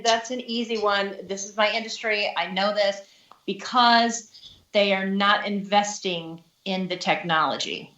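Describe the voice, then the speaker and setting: A woman from Georgia with a Southern accent, a guest chatting casually and explaining things with confidence. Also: medium pitch. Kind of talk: casual podcast chat. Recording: echoey room, dull lo-fi sound.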